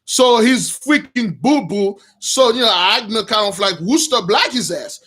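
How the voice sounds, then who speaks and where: A man's voice: sits high, expressive, moderate pace, a bit bright, breathy edge. A man, a Bible teacher, retelling a Bible story in a rambling, slangy way with many restarts.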